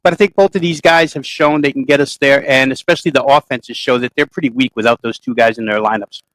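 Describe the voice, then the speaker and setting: A man's voice: medium pitch, fast, a bit bright, dry recording, rough recording. A man breaking down games as a sports betting handicapper, thorough and detailed in his analysis. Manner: thorough, detailed, long-winded.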